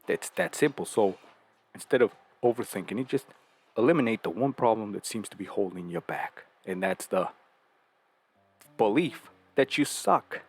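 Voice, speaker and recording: A man with a fairly low voice lectures in a blunt, profane way and keeps tossing out rhetorical questions. Faint music runs quietly under his talk. He sounds like a show host laying down advice. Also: expressive, moderate pace, husky. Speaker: podcast host giving dating advice. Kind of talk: casual talk.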